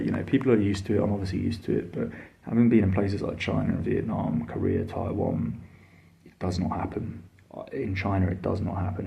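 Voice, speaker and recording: Guy vlogging his trip, gravelly low voice, swears a lot, really fed up. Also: warm tone. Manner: exasperated, blunt and sweary, with lots of fillers. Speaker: travel vlogger. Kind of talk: casual travel storytelling.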